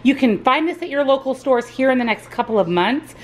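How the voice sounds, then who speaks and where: A woman's voice: sits high, lively intonation, a little fast, soft background music. A woman narrating a casual daily vlog to her camera, upbeat and chatty, filming from her car and her office. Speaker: vlogger. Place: car in a parking lot and an office.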